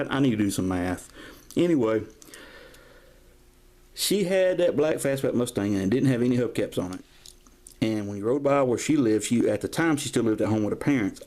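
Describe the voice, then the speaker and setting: With a darkish, mid-range voice, a Georgia man in his 50s presents his toys on camera at home in a casual collection vlog. He's folksy and rambling, often drifting into stories, and the sound is a chatty camera-mic recording.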